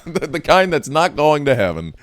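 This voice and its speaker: A young man co-hosting a casual comedy podcast, delivering provocative jokes in a deadpan way. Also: a little high, moderate pace, dry recording. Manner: deadpan, provocative shock humor with frequent laughs. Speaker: podcast co-host.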